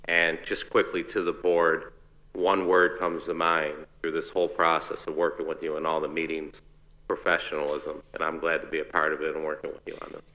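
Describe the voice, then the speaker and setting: A man on a school board giving brief, measured remarks at a public meeting. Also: very deep voice, completely flat delivery, pushed and bright, long reverb tail, poor audio.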